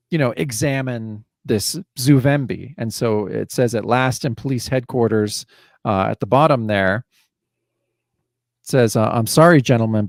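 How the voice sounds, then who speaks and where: A man's voice: mid-range voice, darkish tone, no echo. A man co-hosting a podcast, chatting about comic art with eager enthusiasm and loose phrasing. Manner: enthusiastic, many fillers and restarts. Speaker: podcast co-host. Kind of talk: casual comic book discussion.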